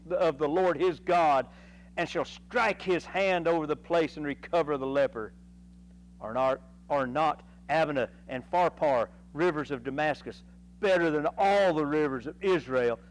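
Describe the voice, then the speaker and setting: A man teaching a Sunday school Bible lesson in a folksy, animated way, acting out voices from the story. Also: on the high side, poor audio. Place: church classroom.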